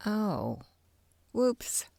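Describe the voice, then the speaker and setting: Woman reading as a boastful storybook boy, cocky, chatty, slow and lively. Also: medium pitch, creaky, no room sound, pitched above the performer's own voice, exaggerated voice. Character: boastful, careless young boy.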